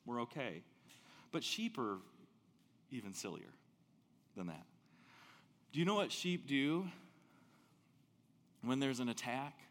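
A man preaching a sermon as pastor, telling stories with big swings between loud and soft. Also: slow, long pauses, big-room sound. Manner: animated storytelling, big swings in pitch and loudness.

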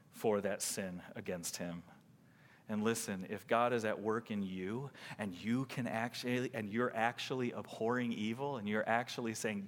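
A man's voice: lowish voice, a bit bright. Emphatic preacher man in a reverberant hall. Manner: emphatic, rhetorical questions to the congregation. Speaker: pastor. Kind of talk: sermon.

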